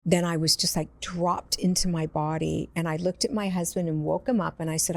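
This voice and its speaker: This intuitive medium's voice is on the low side and creaky, moving at normal speed. A podcast guest, she tells her personal stories in an earnest, conversational way and acts out the voices of the people involved.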